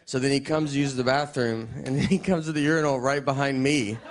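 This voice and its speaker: A middle-aged man doing a stand-up comedy set in a deadpan, halting style, with many restarts. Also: medium pitch. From Tennessee. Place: live comedy venue. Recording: live set with crowd laughter and noise.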